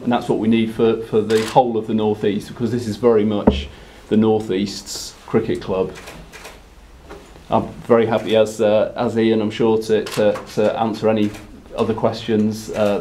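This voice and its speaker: Council guy, lots of uhs, flat dark voice, faint hiss. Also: on the low side. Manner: hesitant, many fillers, repeats words. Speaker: council representative. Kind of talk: formal press statement.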